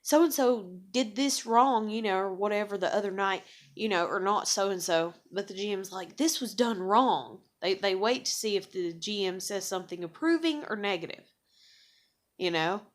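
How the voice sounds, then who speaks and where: At medium pitch and normal speed, a young woman vlogs a casual venting monologue to the camera. She swears a lot, rambles in circles, and stuffs her sarcastic, self-mocking talk with "like" and "you know."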